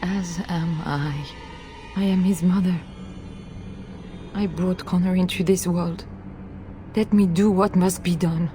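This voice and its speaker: A woman's voice: on the low side, steady tone, takes it slowly, pauses often, warm tone, soft background music. A desperate noble mother. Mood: resigned. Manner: pleading, emotional. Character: noble mother desperate to save her son. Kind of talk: video game voice acting.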